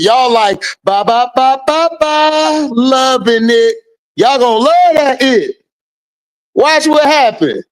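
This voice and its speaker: A livestream host talking casually and loudly, teasing viewers and repeating taunts with bursts of laughter. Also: mid-range voice. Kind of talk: casual livestream trash talk.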